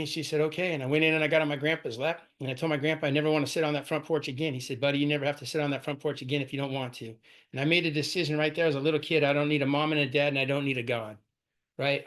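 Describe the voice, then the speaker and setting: Fast-talking man telling his recovery story. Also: on the high side, a bit bright. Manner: storytelling, frequent "right?" and "man". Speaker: AA speaker sharing his story. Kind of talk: personal recovery talk.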